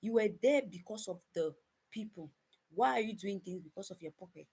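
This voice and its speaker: A woman's voice: mid-range voice, lively intonation, brisk, a little mellow, husky. A woman giving casual commentary to viewers, emphatic, repeating her points and often restarting sentences. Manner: emphatic, repeats phrases, addresses viewers as guys; frequent restarts and stumbles.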